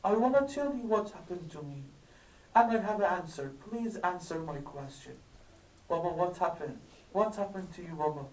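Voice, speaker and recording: A man telling a tearful story at a religious gathering, his voice rising higher and louder as the story builds. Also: animated, moderate pace, echoey room, recorded from a distance, rough recording. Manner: grows louder, higher and crying-like as the story peaks. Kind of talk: emotional story sermon. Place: mosque hall.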